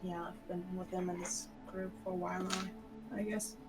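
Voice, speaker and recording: A woman's voice: lowish voice, level tone, moderate pace, low-quality recording. A woman playing a tabletop game, speaking in a casual, somewhat hesitant way. She drifts between her own talk and her character's voice. Music plays behind. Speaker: player. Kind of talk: in-character role-play.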